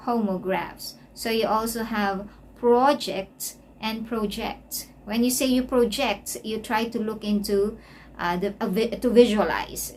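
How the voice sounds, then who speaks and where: A woman's voice: mid-range voice, slight background noise. A woman teaching an English lesson, spelling out words letter by letter and often checking in with "okay?". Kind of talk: explanatory lesson.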